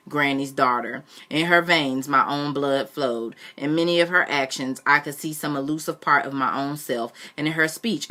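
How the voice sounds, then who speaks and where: A woman reading a book aloud, breaking off to reflect in a chatty way with fillers. Her voice sits low but sounds bright and forceful. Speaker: reader. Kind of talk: reading aloud with personal commentary.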